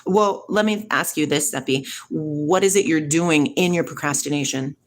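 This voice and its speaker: A middle-aged woman hosting a live stream, chatting casually with viewers and asking rapid, rambling questions. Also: low-pitched, a little hiss or hum. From United States. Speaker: livestream host. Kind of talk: casual live chat answering viewer comments.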